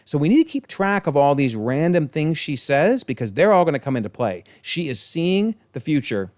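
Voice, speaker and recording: A man's voice: on the high side, sing-song, normal speed, darkish tone, no echo, studio quality. A man giving a casual, amused episode breakdown, chatting about scenes and often calling them hilarious. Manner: briefly acts out quoted lines in changed voices. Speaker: online TV episode reviewer.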